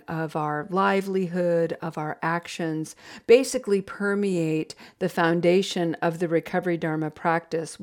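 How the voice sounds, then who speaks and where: A woman facilitating a recovery group, giving a gentle, reflective guided meditation talk. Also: fairly low pitch.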